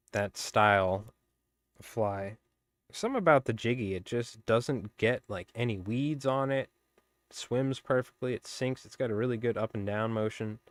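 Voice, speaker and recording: A man's voice: lowish voice, clear, resonant tone, no room sound. A man hosting a fly tying live stream, chatting casually and rambling with viewers as he works. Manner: rambling, chatty, many fillers.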